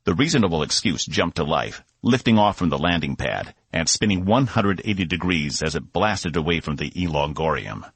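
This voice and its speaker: A man reads an audiobook in a low, husky voice. His delivery moves widely in pitch, and the recording is dry and close. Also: moderate pace, few pauses, no echo. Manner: expressive storytelling. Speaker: audiobook narrator. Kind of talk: scripted narration.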